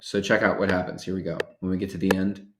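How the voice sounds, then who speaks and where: A man presenting a workshop, walking through software features step by step in an upbeat, casual way. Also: low voice, level tone, quick pace, reverberant, heavy background noise. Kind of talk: software tutorial demonstration.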